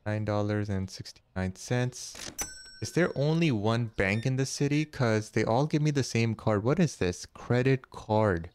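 A man hosting a casual let's-play, chatty and jokey, thinking aloud and counting money out loud as he goes. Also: medium pitch, animated, measured pace, a little hiss or hum. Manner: jokey, easily startled. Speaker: gaming channel host.

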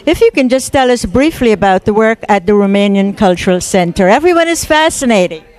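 Upbeat woman TV host, smooth voice. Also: medium pitch, expressive, fairly quick, a little mellow. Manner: chatty, upbeat, self-joking. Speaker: TV show host. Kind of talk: casual interview. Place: art gallery opening.

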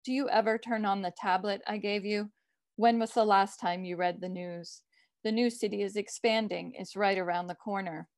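A man's voice: high-pitched, fairly even intonation, normal speed, no echo, clean studio sound. A woman reading as a cold, scheming brother. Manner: cold, dismissive. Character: cold, scheming grown son, sweating and curt.

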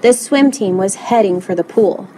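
A woman reading a children's picture book aloud in an expressive, animated way. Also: medium pitch, moderate pace, a little hiss or hum, poor audio. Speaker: storybook reader.

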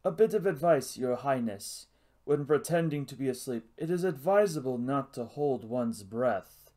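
Wry aristocratic fencing master, as a male reader plays him; low, dry, superior. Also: expressive, moderate pace, mellow, natural voice. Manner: low-voiced, dryly mocking. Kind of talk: audiobook character reading.

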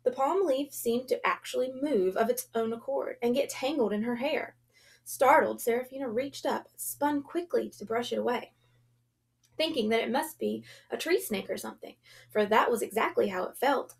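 A woman reads a children's novel aloud in a gentle storytelling voice. Her tone sits a little high, with a soft gravelly creak. At tense moments she drops to a hush. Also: normal speed. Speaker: audiobook reader.

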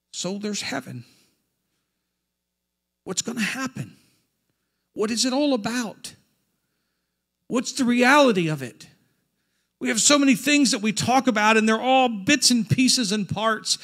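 A male pastor preaching a Pentecostal sermon, reading scripture aloud and building to fervent shouts. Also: extremely high pitch.

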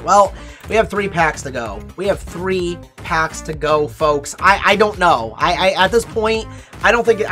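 A slightly bright, mid-range voice delivers casual commentary while opening card packs in a mobile game. This YouTuber counts down before each pack and gets playfully overdramatic about bad luck.

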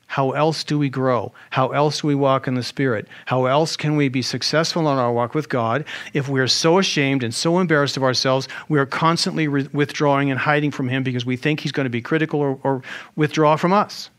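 A male pastor preaching a sermon in an animated way, with rhetorical questions and humorous asides. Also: medium pitch, a little fast.

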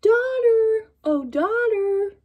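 A woman's voice: very high voice, expressive, extremely slow, muffled recording, voice pushed up, heavily acted. A woman voicing farm family members calling out for help in a sing-song storybook way.

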